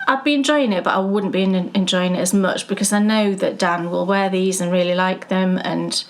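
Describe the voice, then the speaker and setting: A woman co-hosting a casual knitting chat, chatty and excitable. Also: mid-range voice, a little fast. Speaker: podcast co-host.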